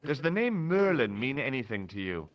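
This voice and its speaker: A man's voice: medium pitch, very animated, moderate pace, lo-fi sound, close to an everyday voice. A man voicing a dry, sardonic investigator. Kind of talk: video game voice acting.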